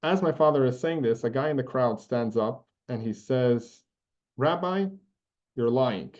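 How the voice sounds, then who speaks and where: A man teaching a class as a rabbi, telling a story in an earnest, quick narrative way. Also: mid-range voice, a little mellow, muffled recording. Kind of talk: storytelling lesson.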